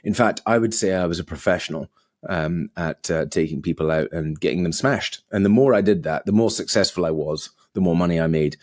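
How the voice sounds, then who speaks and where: This is a man guesting on a podcast, recounting his past with animated energy. His voice sits low, and he stumbles through fillers and restarts as he talks. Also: a little fast, dry recording, clean studio sound. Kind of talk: casual storytelling.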